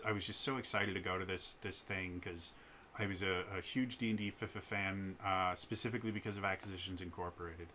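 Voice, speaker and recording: A man's voice: lowish voice, bright, forceful tone. A man in his thirties telling a personal story in a casual, hesitant way, with frequent stammers and restarts. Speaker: vlogger.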